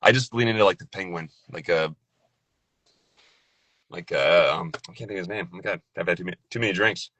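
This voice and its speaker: A man's voice: low voice, a little fast, pauses often, a bit bright, slightly rough, no echo, dull audio. A man, a voice actor, chatting loosely and joking after a few drinks. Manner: loose, joking, laughs often. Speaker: voice actor guest. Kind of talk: casual tipsy chat.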